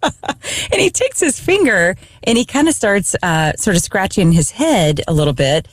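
A woman casually telling a funny family story in a lively, animated way, often restarting her sentences. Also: mid-range voice, unhurried.

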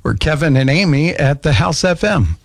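Lively, playful male host. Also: fairly high pitch, moderate pace, creaky, dry recording, studio quality. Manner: playful, eager salesman banter. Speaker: radio host. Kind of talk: casual chat.

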